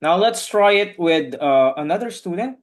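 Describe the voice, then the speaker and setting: A man's voice: sits high, animated, moderate pace. A man teaching an online English class over a video call, patiently correcting his students' pronunciation word by word.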